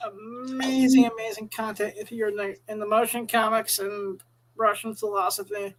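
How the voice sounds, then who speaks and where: A podcast host chatting casually, hesitant and full of restarts. The voice sits at a middle pitch, relaxed and conversational. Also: low-quality recording. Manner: halting, full of fillers and restarts.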